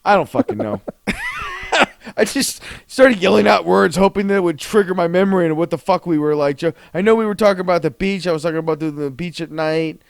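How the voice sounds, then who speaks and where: Lively, profane podcast man. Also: high-pitched, quick pace, vocal fry, hardly any pauses, no echo. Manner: profane, laughing, rambling banter. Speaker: podcast co-host. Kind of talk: casual chat.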